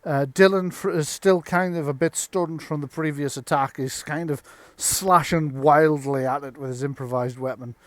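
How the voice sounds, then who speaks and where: A man narrating as game master of a live-streamed tabletop game, halting with ums while he tallies dice and describes the fight. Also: a little high, no room sound. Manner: halting, full of ums and restarts while tallying rolls.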